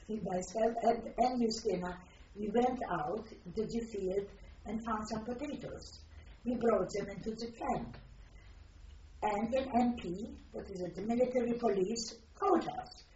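Older woman, halting. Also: medium pitch, mellow, slight background noise. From Poland. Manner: reflective, halting, searching for words. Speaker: witness giving testimony. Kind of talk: personal testimony, recalled aloud. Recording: distant roomy lo-fi recording.

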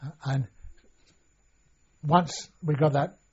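A man's voice: a little high, steady tone, takes it slowly, breathy edge. An older man recalling his past in an oral history interview, rambling with many restarts and fillers. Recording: dull lo-fi recording.

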